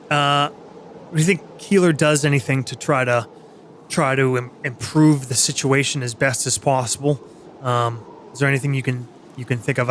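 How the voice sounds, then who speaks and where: A man narrating as game master in a tabletop game, halting and full of fillers and restarts. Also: mid-range voice, a bit bright, slight background noise.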